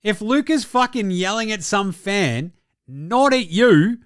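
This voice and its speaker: A brash young Australian man rattles through basketball commentary with profane jokes, his voice sitting a little high. It sounds smooth and resonant, taken close on a mic in a dry, dead room. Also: lively intonation, slow, no room sound. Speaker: basketball show host. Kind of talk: casual sports commentary.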